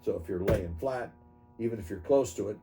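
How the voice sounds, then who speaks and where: A man in his seventies, an army veteran, recounting his memories in an oral history interview, halting and correcting himself as he goes. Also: fairly low pitch, music in the background. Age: 70s. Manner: halting, self-correcting storytelling.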